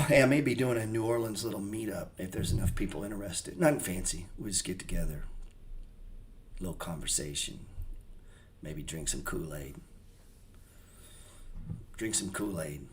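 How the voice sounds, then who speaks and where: A man's voice: lowish voice, fairly quick, a little hiss or hum. A man hosting a trading show, talking loosely and profanely in a rambling, joking way. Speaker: trading channel host. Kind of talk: casual unscripted livestream chat.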